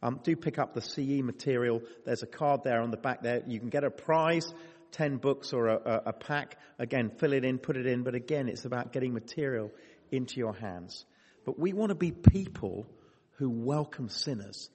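A man hosting a church conference, giving brisk announcements and leading an earnest opening prayer. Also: mid-range voice, darkish tone, breathy edge. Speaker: conference host. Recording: long hall reverb.

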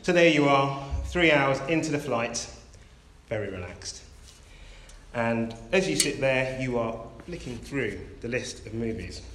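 Give me a man preaching in a church, measured and gentle, with a roomy echo. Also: medium pitch, lively intonation, slight background noise. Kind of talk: sermon with storytelling.

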